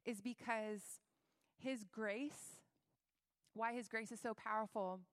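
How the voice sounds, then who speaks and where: A young adult woman giving a conversational, earnest sermon about faith, with filler words and lively acted-out quotes. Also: fairly high pitch, slow, no room sound, studio quality. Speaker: Christian speaker.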